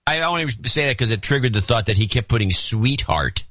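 A man's voice: mid-range voice, animated, a little fast, fairly bright tone, dry recording. Dry, sardonic middle-aged man. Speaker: podcast co-host reading donor notes. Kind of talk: casual chat.

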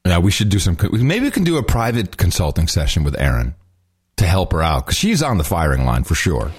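A man's voice: low voice, huge pitch swings, fairly quick, husky. A man hosting a podcast, chatting casually and mocking a news story with sarcasm. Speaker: podcast host. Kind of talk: casual chat.

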